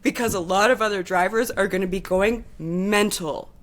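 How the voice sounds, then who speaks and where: A woman's voice: mid-range voice, moderate pace. A woman co-hosting a podcast in casual chat, talking with heated, impassioned energy and swearing freely. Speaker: podcast co-host.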